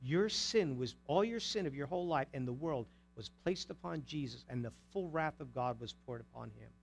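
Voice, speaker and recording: A man's voice: mid-range voice, lively intonation, moderate pace, gravelly, a little hiss or hum. A male pastor preaching an emphatic sermon, asking the congregation pointed rhetorical questions.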